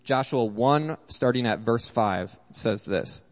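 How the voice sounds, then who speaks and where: A man's voice: mid-range voice, expressive, a little slow. A man preaching an earnest sermon as a pastor, reading scripture aloud. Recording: long hall reverb.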